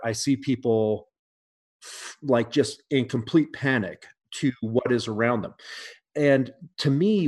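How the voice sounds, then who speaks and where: A man on a podcast, talking casually in a blunt, profane way with frequent restarts. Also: medium pitch. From United States.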